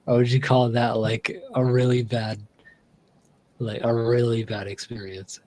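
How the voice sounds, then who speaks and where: A man's voice: medium pitch, flat delivery, a little slow, a crowd in the background, poor audio. A man streaming casually, telling a long story with lots of fillers and restarts. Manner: rambling storyteller with many fillers. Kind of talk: casual live-stream chat.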